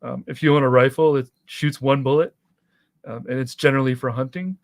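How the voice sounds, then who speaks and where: A man's voice: mid-range voice, steady tone, fairly quick. A man with a Canadian accent, talking casually as a panelist on an online discussion, loose and chatty with lots of fillers.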